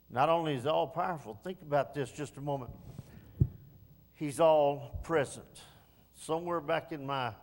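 A man preaching a sermon in a church, emphatic and repeating key phrases. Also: medium pitch. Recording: long reverb of a church hall.

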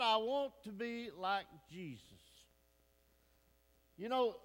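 A man's voice: sits high, fairly bright tone. A man preaching a folksy, emphatic sermon in a church sanctuary, often asking the congregation questions. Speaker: pastor. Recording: long hall reverb.

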